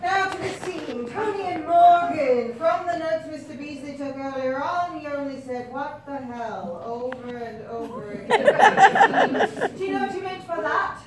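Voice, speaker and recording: A woman's voice: high voice, expressive, moderate pace, hardly any pauses, a loud crowd. A woman playing a patient drama teacher. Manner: encouraging, instructive. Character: patient adult drama teacher directing a school play. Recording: distant very echoey noisy room.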